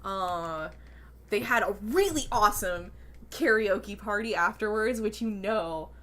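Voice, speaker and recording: A woman's voice: mid-range voice, lively intonation, unhurried, pushed and bright. A woman on a podcast chatting casually in a laid-back way, with lots of "yeah" and "um". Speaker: pro wrestler, podcast co-host. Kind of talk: casual chat.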